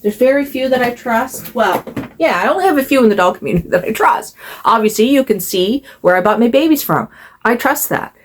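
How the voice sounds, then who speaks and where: A woman's voice: on the high side, animated, brisk. An older woman, a doll collector, chatting casually to camera in a rambling, conversational way. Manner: rambling, talks to her doll in a cooing voice.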